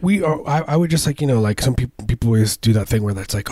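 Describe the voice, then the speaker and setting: A man co-hosting a podcast, spinning halting, rambling absurd riffs in casual chat. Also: mid-range voice, lively intonation, darkish tone, no echo, clean studio sound. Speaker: podcast co-host. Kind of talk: casual comedic banter.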